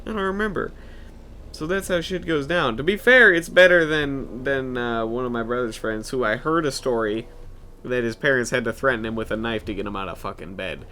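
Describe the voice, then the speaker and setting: A man's voice: mid-range voice, a little fast, pushed and bright, a little hiss or hum. A young man giving let's play commentary, grumbling sarcastically and swearing as he plays. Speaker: gaming video host.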